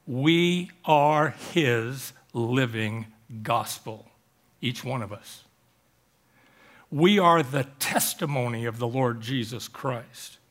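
A male pastor preaching a sermon in church, telling stories and jokes and slowing down on emphatic phrases. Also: mid-range voice, a bit bright. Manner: joking, storytelling preacher with emphatic slowed phrases. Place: church service.

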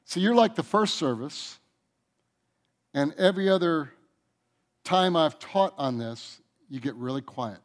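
A man preaching a sermon as a pastor, stressing key points by slowing down and letting phrases fall soft at the end. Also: on the high side, animated.

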